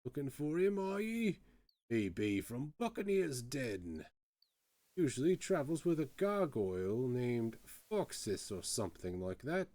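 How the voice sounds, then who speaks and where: A man's voice: mid-range voice, big pitch swings, unhurried, dark tone, dry recording, pitched above the performer's own voice. A man voicing a bitter old male sailor locked in a cell, grumbling in a put-on with archaic speech. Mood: sly.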